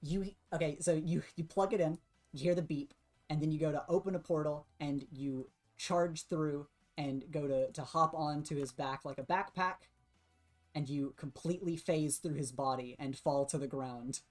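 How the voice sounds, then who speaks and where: A man's voice: fairly high pitch, fairly even intonation, moderate pace, darkish tone. Man, game master, loose conversational narration, light music bed under the voice. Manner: loose, filler-heavy narration with frequent restarts.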